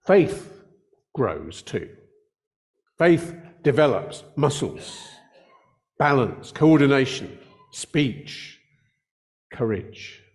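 An older male pastor preaching an earnest sermon from the pulpit. He speaks at an easy, conversational pace and slows down deliberately to lean on the words that matter. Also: mid-range voice, sing-song.

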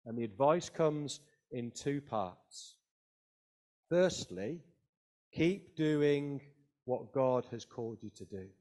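A man preaching a sermon, reading scripture aloud and explaining it with deliberate emphasis. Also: medium pitch, lively intonation, a little mellow. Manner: slow, deliberate expository preaching with emphatic rises.

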